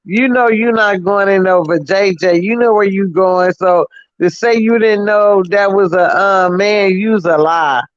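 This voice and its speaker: An older woman with a raspy voice, chatting bluntly and casually on a call, often cutting in over others. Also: mid-range voice, unhurried, no echo, dull audio. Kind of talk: casual chat.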